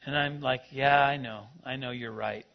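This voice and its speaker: A man's voice: medium pitch, normal speed, creaky. A man telling a personal story in a sermon, acting out both sides of the conversation. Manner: animated storyteller, acts out dialogue. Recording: dull lo-fi sound.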